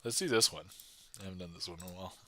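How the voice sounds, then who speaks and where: A man's voice: low-pitched, rapid-fire, a bit bright. A man chatting casually on a magic livestream as the magician streamer, rambling with lots of fillers.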